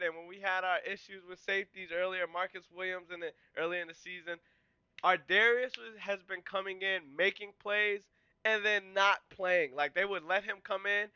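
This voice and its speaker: A man hosts a podcast and talks through game film play by play in a casual, conversational way. His voice sits high and is very bright and smooth. The recording is close and dry, with a slightly dull, muffled top end. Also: dry recording. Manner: excitable, yells and cheers at big plays; explains plays in a relaxed, conversational way. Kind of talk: casual film breakdown commentary.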